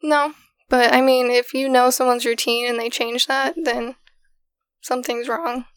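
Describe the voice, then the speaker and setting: High, even-toned woman telling a story. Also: measured pace, smooth, no echo. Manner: steady, matter-of-fact recounting. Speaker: podcast co-host. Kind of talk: casual true-crime storytelling.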